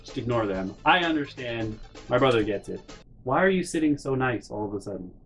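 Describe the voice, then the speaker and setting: A man's voice: mid-range voice, expressive, a little fast, fairly bright tone, faint music behind. A young man telling a personal story in a casual vlog, exasperated and profane.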